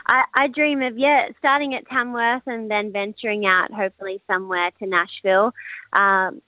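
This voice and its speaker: A woman's voice: medium pitch, steady tone, normal speed, no echo. A young Australian woman, a singer-songwriter, chatting as a guest in a radio interview over the phone, laughing often. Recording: dry tinny phone line.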